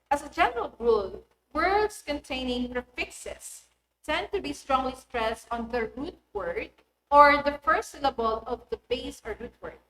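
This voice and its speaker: A woman's voice: sits high, a bit bright, slight background noise. A woman, a teacher giving a recorded classroom lesson and pronouncing example words one by one with careful stress. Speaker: English teacher. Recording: roomy echoey recording.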